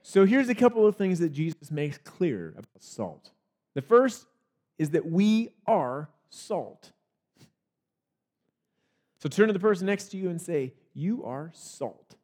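A man preaching a sermon as pastor, in a relaxed conversational way with frequent restarts and small laughs. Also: sits high, measured pace.

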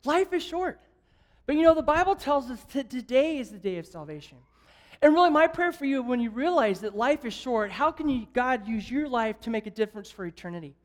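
A man preaching a sermon as an evangelist, telling a jokey story in an animated way and asking the crowd questions. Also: extremely high pitch, brisk. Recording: long hall reverb.

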